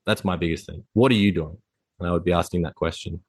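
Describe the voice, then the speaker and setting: A man's voice: low voice, steady tone, fast talker, slightly rough, dry recording. A man guesting on a podcast as a fitness coach, talking intensely and bluntly in a motivational way. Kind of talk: casual interview chat.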